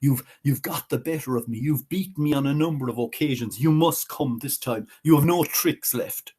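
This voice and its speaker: A man voicing Death, a male spirit who gives stern orders and later begs in a high voice. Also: moderate pace, a little mellow, slightly rough, close to an everyday voice. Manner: stern demands that turn to high-pitched begging. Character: Death, a grim male spirit, angry and then pleading.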